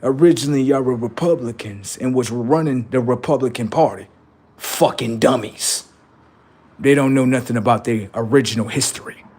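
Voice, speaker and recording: A man's voice: mid-range voice, moderate pace, a little mellow, breathy edge. A man hosting a livestream, delivering a heated, profane and confrontational political rant that taunts his listeners. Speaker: livestream host.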